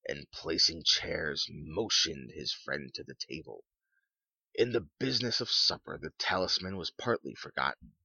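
A man narrating a storybook in measured reading. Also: very deep voice, gravelly, sharp tone, breathy edge, no echo. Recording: dull lo-fi sound.

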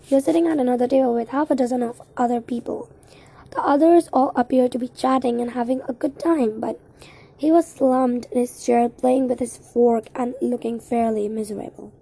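A woman's voice: a little high, fairly even intonation, moderate pace, dark tone, breathy edge, low-quality recording. A woman reading a mystery novel aloud in an unpolished way, with slips and restarts. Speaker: reader.

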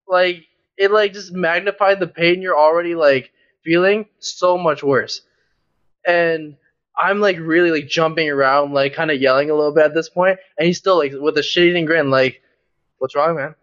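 A man's voice: on the high side, normal speed, smooth. Rambling young man, dull lo-fi audio. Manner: rambling, animated retelling with many fillers. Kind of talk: casual storytelling chat.

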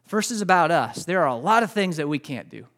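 High-voiced pastor preaching conversationally. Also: male voice, very animated, brisk, a bit bright. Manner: conversational storytelling, repeats words; addresses congregation directly. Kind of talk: sermon.

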